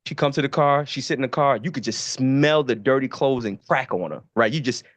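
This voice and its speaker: A man from Baltimore, a podcast co-host, telling stories in a profane, animated casual way. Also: mid-range voice, fairly quick, no room sound, muffled recording. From Baltimore, USA. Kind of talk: casual storytelling.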